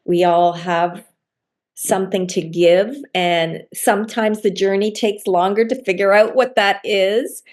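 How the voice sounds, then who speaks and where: A woman hosting a book discussion, speaking effusively and gratefully to her guest. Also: lowish voice. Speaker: book circle host. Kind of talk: casual group discussion.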